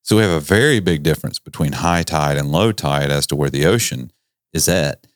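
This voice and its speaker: A man's voice: extremely low pitch, fairly quick, dry recording, studio quality. A man, hosting a podcast and telling stories in a folksy, jokey manner. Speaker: podcast host. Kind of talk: casual storytelling chat.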